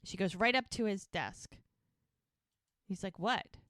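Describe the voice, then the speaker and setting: A woman co-hosting a podcast, recapping a TV episode in a casual, animated way and acting out the characters' lines as she goes. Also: medium pitch, measured pace, dry recording, studio quality. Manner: animated retelling with quoted dialogue. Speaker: podcast co-host.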